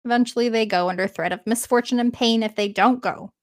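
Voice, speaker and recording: A woman's voice: fairly high pitch, quick pace. A woman retelling an old myth in a casual, chatty way, with laughing asides. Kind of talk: casual storytelling.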